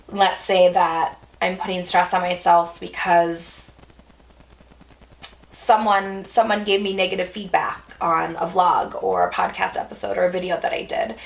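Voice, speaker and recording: A young woman hosting a casual vlog, talking things through out loud with restarts and lively little outbursts. Her voice has a slight gravelly fry, and her pitch sits in an ordinary middle range. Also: low-quality recording. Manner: thinking aloud, with restarts and playful exclamations. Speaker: yoga instructor and vlog host. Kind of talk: casual reflective vlog talk.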